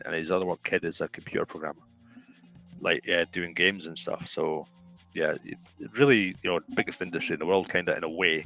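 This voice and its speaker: A low-pitched man with a gravelly, creaky voice chats loosely as a show host. He rambles, repeats himself, and keeps turning to his listeners. Faint music sits under his voice. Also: a bit bright, poor audio. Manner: rambling, repeats and restarts phrases, addresses listeners as folks. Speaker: podcast host. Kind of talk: casual chat.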